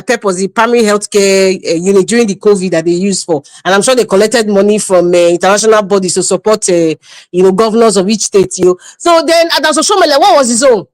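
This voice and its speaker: A woman's voice: fairly high pitch, dry recording. A woman with a Nigerian accent giving scolding, mocking political commentary on a livestream, laughing often.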